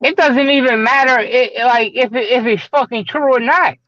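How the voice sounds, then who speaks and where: A man's voice: very high voice, moderate pace, pushed and bright, no echo. A man co-hosting a podcast in casual chat, blunt, profane and insistent. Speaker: podcast co-host. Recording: muffled lo-fi audio with faint hiss.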